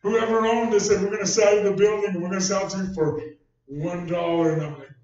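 A man with a high voice preaches a sermon, talking in a folksy, conversational storytelling way. He is recorded from a distance in a very echoey church hall. The sound is dull and muffled. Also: steady tone, quick pace, darkish tone. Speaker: pastor.

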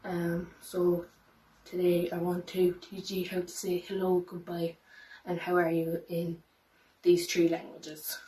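A woman guide leader teaching simple phrases to children, saying each one slowly and repeating it carefully. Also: fairly low pitch, monotone, mellow. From Ireland. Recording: voice a little far from the mic, faint noise.

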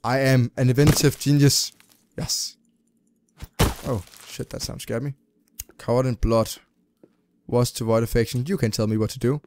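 A man's voice: mid-range voice, steady tone, normal speed, long pauses, a little mellow, a little hiss or hum. A man giving crude, jumpy commentary while playing a game, with constant squeamish reactions and swearing. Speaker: let's play gamer. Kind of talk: gameplay commentary.

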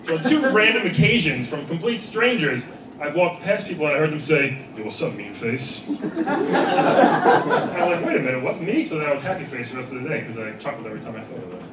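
Male stand-up comic, lively pitch, slightly raised voice, taped from a distance in a roomy, noisy club. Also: fairly quick. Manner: animated, acts out people in shouted voices. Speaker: stand-up comedian. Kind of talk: stand-up set. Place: live comedy venue with audience laughter. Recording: echoey room recorded from far off with background noise.

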